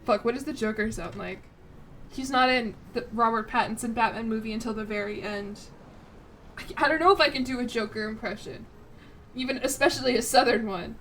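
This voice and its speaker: A young woman from Chicago, chatting casually and rambling as she streams, quick to laugh. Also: on the high side, fairly bright tone, a little hiss or hum. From Chicago, United States. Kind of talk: casual chat while streaming.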